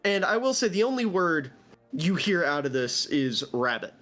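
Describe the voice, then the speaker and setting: Upbeat male game master, slightly high voice. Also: sing-song, moderate pace, sharp tone, faint music behind. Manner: playful storytelling, voices orc characters lightly. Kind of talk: narrating a tabletop game.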